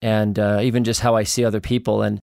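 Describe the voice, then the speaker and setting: A man's voice: lowish voice, flat delivery, creaky, no room sound, studio quality. A man hosting a podcast, speaking reflectively with frequent restarts as he sets up a question. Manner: warm, reflective, halting with many restarts. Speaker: podcast host. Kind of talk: casual interview chat.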